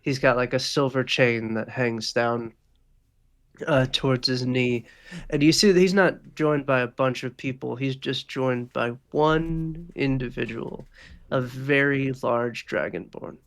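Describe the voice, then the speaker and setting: A man's voice: mid-range voice, a little slow, fairly bright tone. A man running a tabletop game as dungeon master, narrating casually with lots of fillers.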